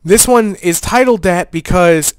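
A man's voice: sits high, a little slow, smooth, no echo. Laid-back man commenting on his card game. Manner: joking, laid-back, gamer slang. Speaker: player and channel host.

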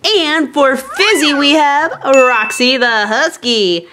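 A woman's voice: high voice, slow. A woman hosting a children's toy show, narrating toy unboxing in a bubbly, sing-song way. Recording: noisy home recording.

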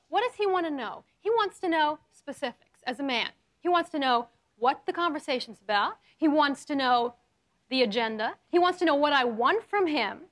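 A woman hosting a studio talk show, coaching her audience in a lively, playful way with acted examples. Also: sits high. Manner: animated, coaching, playful role-play demos.

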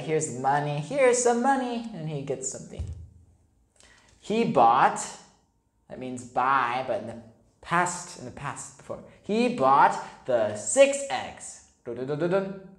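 Teacher lady reading a storybook to little kids, slow and lively, echoey classroom. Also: low voice. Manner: slow, animated, explaining words with sound effects. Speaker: English teacher. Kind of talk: reading a picture book aloud to young children.

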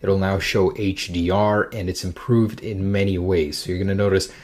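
A man with a fairly low voice talks through a demo in a casual, chatty way. He sounds upbeat and enthusiastic as he walks through each feature. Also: fairly even intonation, normal speed, a little mellow. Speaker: tech reviewer.

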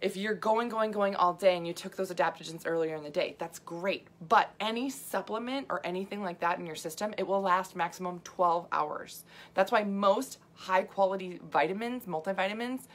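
A woman's voice: medium pitch, fairly bright tone. A middle-aged woman health coach talking casually to viewers, chatty and full of asides and fillers, laughing often. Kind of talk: casual livestream talk.

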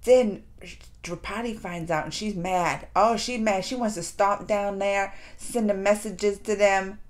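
A woman hosting a casual reaction video, retelling scenes in an animated, exasperated way with frequent laughs. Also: high voice.

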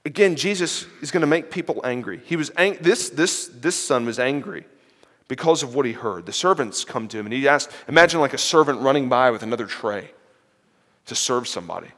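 A man giving an animated sermon-style lecture, retelling a parable and voicing its characters, with fillers and restarts. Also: medium pitch, fairly quick. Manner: animated, acts out the parable's characters in quoted voices. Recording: long hall reverb.

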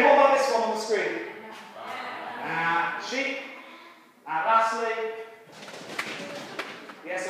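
A man leads an all-age church sermon, playful and lively as he talks to the children. His voice sits fairly high. He is heard from a distance in a church hall with a long, booming reverb. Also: slight background noise. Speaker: preacher. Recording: echoey church hall, voice from far off.

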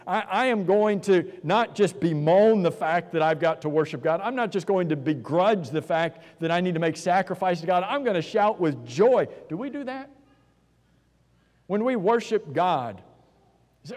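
A man's voice: a little high, lively intonation, a little slow, darkish tone. A man preaching an earnest sermon in a church, asking rhetorical questions and often repeating words as he starts a thought. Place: church sanctuary. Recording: long church-hall reverb.

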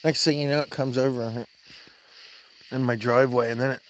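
A man's voice: mid-range voice, fairly even intonation, fairly quick, muffled recording, slight background noise. A man streaming casually from his yard at night, rambling and swearing freely as he chats. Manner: rambling, profane, laughs often. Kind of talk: casual livestream chat.

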